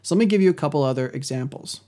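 A man hosting a podcast, giving a measured, scripted teaching on Christian parenting. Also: on the high side, animated, mellow. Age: adult parent.

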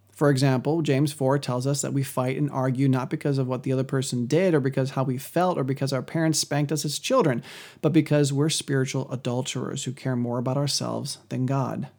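A man hosting a podcast, giving a measured, scripted teaching on Christian parenting. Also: mid-range voice, a little mellow. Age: adult parent.

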